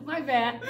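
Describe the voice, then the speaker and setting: A middle-aged woman giving a blunt, animated personal testimony to a church group, laughing often as she tells her stories. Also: sits high. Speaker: mission director. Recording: distant mic with faint background noise.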